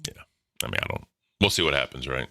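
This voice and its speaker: A man co-hosting a casual livestream, rambling and self-correcting with a very deep voice and lots of "right?". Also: big pitch swings, fast talker, gravelly, pushed and bright, no echo, studio quality. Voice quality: very deep low voice. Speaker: co-host.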